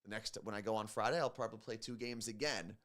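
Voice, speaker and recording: A man's voice: on the low side, quick pace. A man co-hosting a morning radio show, chatting casually and rambling with lots of fillers. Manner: relaxed, rambling, many fillers.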